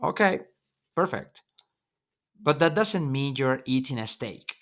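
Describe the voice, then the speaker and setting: A man's voice: medium pitch, expressive, takes it slowly, fairly bright tone. Teacher guy explaining in english, takes his time, keeps stressing stuff and asking yeah?. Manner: repeats points with emphasis, checks in with "yeah?". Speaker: Spanish teacher. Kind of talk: online language lesson.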